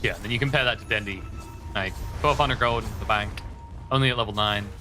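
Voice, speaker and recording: A man casting a competitive video game match with quick play-by-play commentary, his voice climbing when the action heats up. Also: music in the background. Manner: excitable, rising in pitch during fights. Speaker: esports caster.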